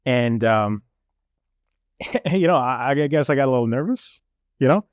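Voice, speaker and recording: A young man telling a travel story in casual chat, animated and full of fillers. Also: medium pitch, a little slow, no room sound, studio quality. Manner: animated, lots of fillers, mimics officials.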